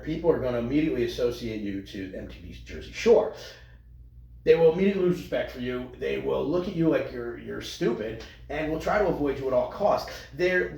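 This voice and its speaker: A man co-hosting a podcast in casual crude banter, animated and profane, with lots of trailing restarts. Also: on the high side, vocal fry, echoey room. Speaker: podcast co-host.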